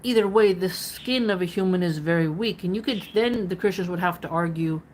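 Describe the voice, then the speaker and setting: A woman with a lowish voice hosts a philosophy reading. She reads passages aloud and stops often to unpack them in a chatty, playful way, full of casual asides. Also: brisk, a little mellow, slight background noise, rough recording. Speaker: philosophy channel host.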